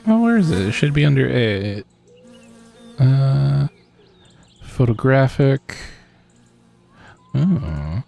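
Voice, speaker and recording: Slow, gravelly game streamer man. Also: mid-range voice, sing-song, mellow. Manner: rambling, self-deprecating, chuckles often. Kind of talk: casual live-stream chat while playing.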